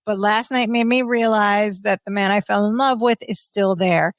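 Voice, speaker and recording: A woman's voice: mid-range voice, fairly even intonation, moderate pace, no echo. Chatty woman recapping a sitcom. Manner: chatty storytelling with fillers like "like" and "you know". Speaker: podcast co-host. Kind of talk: casual chat recapping a sitcom episode.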